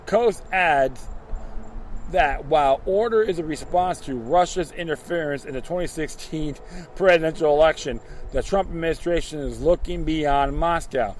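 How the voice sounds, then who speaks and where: A man's voice: fairly high pitch, moderate pace, slight background noise. A man reading political news aloud and breaking off into sarcastic, mocking commentary, often tripping over his words.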